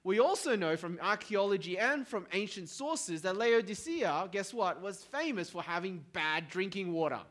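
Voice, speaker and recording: A middle-aged man delivering a sermon with a fairly high voice. He preaches in a relaxed, conversational way and tells stories with little asides to the people listening. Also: moderate pace, few pauses. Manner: conversational, animated storytelling with asides to the congregation. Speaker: pastor.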